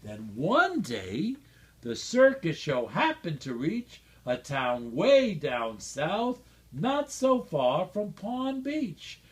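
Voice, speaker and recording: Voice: medium pitch, very animated, takes it slowly. A reader at a school event reading a rhyming picture book aloud with dramatic, rhythmic expression.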